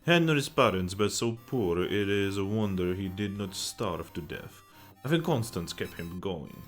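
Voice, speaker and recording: A leering innkeeper with a thick mock Russian accent, voiced by a man. He speaks in stiff, old-fashioned phrases from a low register. Faint game music plays behind him. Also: animated, a little slow. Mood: gruff. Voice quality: archaic formal speech.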